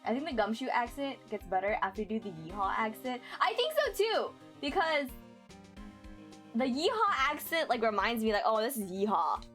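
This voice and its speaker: A woman streaming a game, chatting casually and excitably with lots of giggles. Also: on the high side, moderate pace, faint music behind. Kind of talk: casual let's-play commentary.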